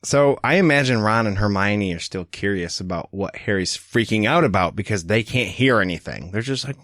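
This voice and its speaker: A man co-hosting a casual podcast about a book, talking in a lively, profane way and acting out quotes. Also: lowish voice, normal speed, hardly any pauses, no echo, clean studio sound. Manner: animated, profane, acts out quotes. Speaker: podcast co-host. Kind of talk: casual book-discussion chat.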